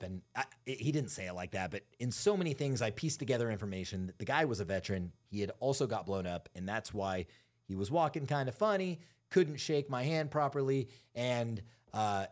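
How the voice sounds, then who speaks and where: A man co-hosting a podcast, telling a candid, profane story in casual chat and acting out the quotes. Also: on the low side. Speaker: podcast co-host.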